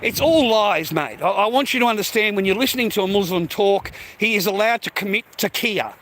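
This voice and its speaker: A man's voice: sits high, lively intonation, a little fast, fairly bright tone, a little hiss or hum. An Australian man ranting to his livestream viewers, swearing constantly and calling them mate. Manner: profane, repetitive, addresses viewers as mate. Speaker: live streamer. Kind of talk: rambling livestream rant.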